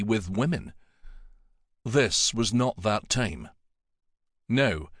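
A man narrating an audiobook in a measured, dramatic storytelling manner. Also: medium pitch, no room sound, clean studio sound.

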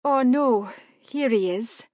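A woman voicing a young wife, anxious but spirited, speaking brightly and with emphasis. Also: a little high, slow pace, no room sound, clean studio sound, voice pushed up. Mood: lively.

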